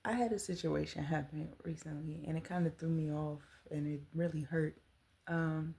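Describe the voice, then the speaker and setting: A woman in her thirties telling a personal story to the camera, earnest and animated as she retells it. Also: low voice, normal speed, gravelly. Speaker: vlogger.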